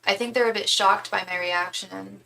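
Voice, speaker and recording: Bright-voiced casual woman reading tarot. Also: mid-range voice, fairly even intonation, moderate pace, creaky, slight background noise, rough recording. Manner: casual, slangy, emphatic with many restarts. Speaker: tarot reader. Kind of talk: live-stream tarot reading.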